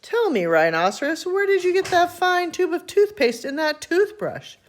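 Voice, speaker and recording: A nosy wild boar from a children's storybook, fussy and suspicious, as a woman reads him aloud. The voice moves in a lively storytelling lilt. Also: very high voice, moderate pace, pitched above the performer's own voice. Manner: fussy, gossiping. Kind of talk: storybook reading.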